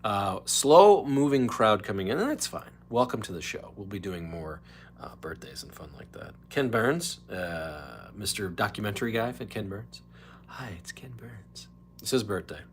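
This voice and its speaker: Man, low voice, lively swings in pitch, rambling stream chat, faint hum behind. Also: moderate pace. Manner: rambling, chatty, slips into mock whispers and voices. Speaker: live stream host. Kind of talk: casual solo live stream chat.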